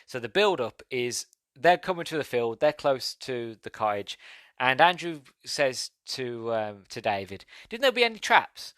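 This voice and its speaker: A man's voice: medium pitch, animated, a little slow, a bit bright, no echo. A young man hosting a podcast, chatting casually as he reviews a film, rambling and correcting himself as he goes. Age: young adult. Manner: rambling, self-correcting, laughs as he recounts scenes.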